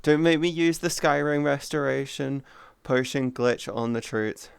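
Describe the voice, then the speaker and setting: A woman streaming live, chatting casually with her chat, giggly and playful, sometimes cooing softly in baby-talk. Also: a bass voice, unhurried, gravelly, clear, resonant tone, dry recording. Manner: giggly, playful, often laughing.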